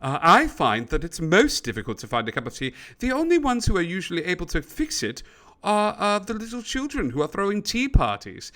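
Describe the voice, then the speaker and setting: A man voicing a fussy, courtly male elephant gentleman who speaks in a genteel, formal way. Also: sits high, huge pitch swings, fairly quick, pitched above the performer's own voice, full character voice.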